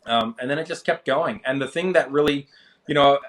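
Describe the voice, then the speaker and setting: Guest: thirties man, casual storyteller, lively when quoting others. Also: brisk. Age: 30s. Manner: animated, acts out quoted people with rising pitch. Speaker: interview guest, finance creator.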